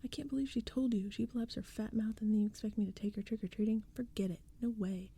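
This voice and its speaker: A woman's voice: medium pitch, steady tone, fast, mellow, slightly rough. Woman doing a sullen teenage boy. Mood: indignant. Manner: sullen and curt. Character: sulky fifteen-year-old boy. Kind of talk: whispered role-play.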